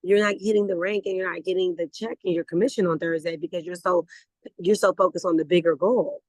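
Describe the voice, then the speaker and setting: A woman leading a motivational network marketing call, talking in a lively, conversational way, repeating words and laughing as she goes. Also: fairly low pitch, fairly quick, no echo, rough recording. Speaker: network marketing team leader. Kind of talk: motivational talk on a video call.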